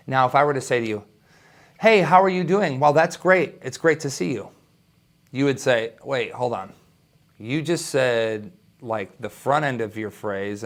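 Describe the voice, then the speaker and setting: A young man teaching a guitar lesson, talking in an enthusiastic, conversational way with quick asides. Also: medium pitch, gravelly. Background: electric guitar playing.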